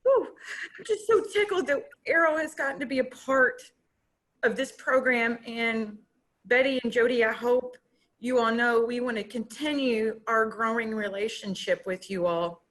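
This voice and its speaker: A woman's voice: a little high, normal speed, a bit bright. A woman from a company speaking at an online graduation, tearful and gushing, laughing through her tears. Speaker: company representative. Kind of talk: emotional speech at online graduation. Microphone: video call.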